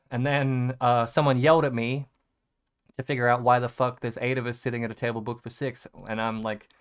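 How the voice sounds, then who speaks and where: A young man talking candidly in a personal vlog, rambling and halting, swearing casually and trailing off quietly, still emotional after crying. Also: medium pitch, fairly even intonation, clear, resonant tone. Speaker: vlogger.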